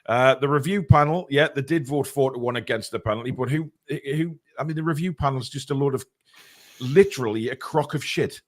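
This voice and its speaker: A man hosting a casual podcast, reading out comments in a blunt, halting, sometimes sweary way. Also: medium pitch. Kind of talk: casual chat.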